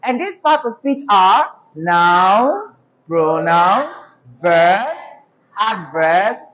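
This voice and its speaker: A woman's voice: medium pitch, sing-song, fairly bright tone, lo-fi sound. A woman teaching a diction class, asking questions and having pupils repeat after her. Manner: call-and-response prompting, deliberate.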